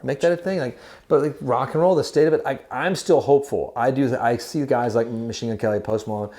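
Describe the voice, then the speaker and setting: A man's voice: medium pitch, brisk, mellow. A man in his forties co-hosting a casual music chat, giggly and rambling, full of fillers and restarts. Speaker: podcast co-host.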